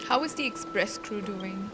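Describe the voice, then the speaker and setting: A woman streaming a game quest, reacting in an excitable, gushing and giggly way in casual commentary. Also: medium pitch, moderate pace, music in the background.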